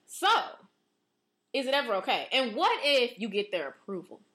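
A young woman co-hosting a podcast in casual chat, slangy and animated, acting out the reactions she would have. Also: on the high side, normal speed. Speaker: podcast co-host.

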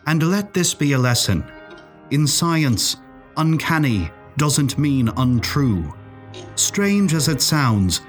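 A man voicing a genial, wry male Irish professor with a sing-song Ulster accent. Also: mid-range voice. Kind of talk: storytelling acting.

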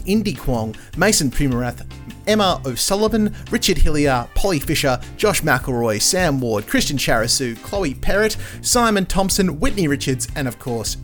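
A man with an Australian accent hosting a podcast, chatting casually and joking with a guest before a scripted outro. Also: medium pitch. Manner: lively, joking. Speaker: podcast host.

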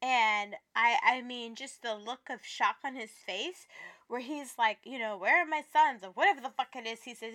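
A woman co-hosting a podcast, chatting in a profane, animated way that swings from loud to hushed. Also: a little high, moderate pace. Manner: profane, animated, laughing, dramatic. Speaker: podcast co-host. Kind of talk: casual chat.

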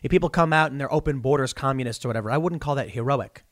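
A man hosting opinionated political commentary, animated and wry, with mocking asides. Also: mid-range voice, very fast, no room sound, studio quality.

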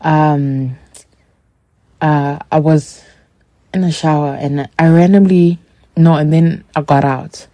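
A woman with a low, mellow voice tells a personal story in a relaxed, candid monologue. She speaks straight to her listeners. The sound is dry and close. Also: slow pace, pauses often, no room sound, lo-fi sound. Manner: candid, chatty, acts out quoted dialogue; addresses listeners directly. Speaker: podcast host.

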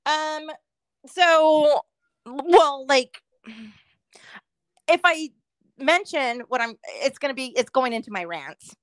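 A woman's voice: high voice, fairly bright tone, dry recording. A woman co-hosting a casual podcast chat, often laughing as she rants. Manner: slow, laughing, playful ranting. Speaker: podcast co-host.

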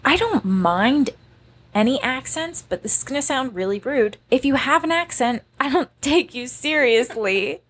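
A woman in her twenties co-hosting a podcast, chatting in an animated, exclamatory and self-mocking way. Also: sits high, moderate pace, husky. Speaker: podcast co-host. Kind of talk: casual chat.

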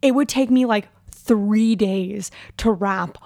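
A young woman from Florida talking in a bubbly, quick way, full of exclamations and "like". Her voice sits at a middle pitch. It is recorded close and dry. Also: a little mellow, dry recording. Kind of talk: casual chat.

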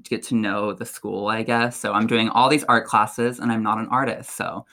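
A young man in college, chatting as an interview guest in an excitable, rambling way with lots of fillers and laughter. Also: on the low side, normal speed, vocal fry. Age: young adult. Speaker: guest, college student and social media creator. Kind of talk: casual interview chat.

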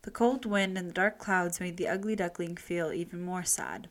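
A woman reading a children's story aloud, expressive and unhurried. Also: lowish voice.

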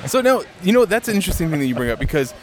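A man's voice: high voice, very animated, rapid-fire. A man chatting casually, asking curious questions. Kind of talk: casual chat.

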